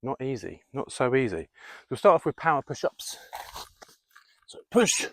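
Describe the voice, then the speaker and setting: A man's voice: medium pitch, very animated, fairly quick, no room sound. A man leading an outdoor workout in the woods, coaching viewers through exercises and counting reps aloud. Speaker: fitness vlogger.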